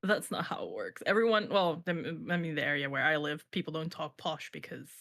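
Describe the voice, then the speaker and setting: A woman's voice: low-pitched, animated, a little fast, creaky, a bit bright. A woman in her thirties with a Northern English accent, chatting laid-back on a podcast. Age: 30s. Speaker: podcast co-host. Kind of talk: casual podcast chat.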